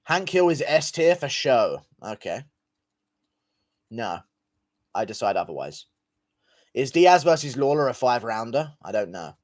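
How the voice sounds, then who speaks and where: A man's voice: medium pitch, very animated, unhurried, long pauses. A young man streaming late at night, chatting casually with his chat in a profane, rambling way. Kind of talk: casual livestream chat reading.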